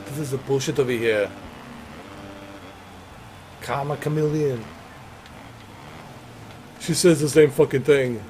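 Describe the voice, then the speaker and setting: A male game streamer talking loosely over his stream, rambling from one thing to the next with plenty of swearing and bursts of laughter. His pitch sits in an ordinary middle range, and he leans hard into emphatic declarations. A faint background hum runs under his voice. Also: takes it slowly, pauses often. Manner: rambling, profane, laughs often; excited and emphatic. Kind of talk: casual livestream chat.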